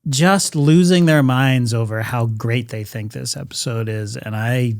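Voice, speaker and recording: A man's voice: medium pitch, a little mellow. Wry, sarcastic man co-host. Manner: wry, sarcastic, drawn-out emphasis. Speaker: podcast co-host. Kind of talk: casual review chat.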